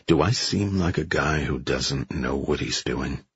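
A man narrating who voices a calm, controlled gunman in clipped, low lines. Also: a little slow, breathy edge, no echo, lo-fi sound, exaggerated voice. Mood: cool. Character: cool, controlled male gunman, calm and terse.

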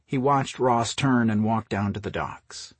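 A man reading an audiobook story in a steady, measured narration. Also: lowish voice, breathy edge, no echo. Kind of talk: scripted narration.

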